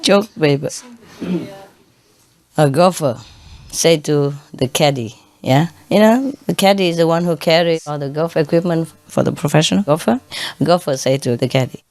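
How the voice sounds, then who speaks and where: A woman's voice: deep voice, normal speed, a little mellow, no room sound. A woman preacher telling jokes to her congregation, often laughing at her own punchlines. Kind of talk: humorous talk to a congregation. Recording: noisy recording.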